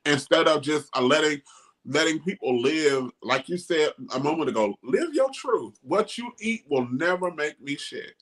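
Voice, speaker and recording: A middle-aged man hosting a casual talk show, speaking emphatically and animatedly. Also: medium pitch. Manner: animated, emphatic, quotes others in mocking voices. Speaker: host. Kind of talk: casual discussion.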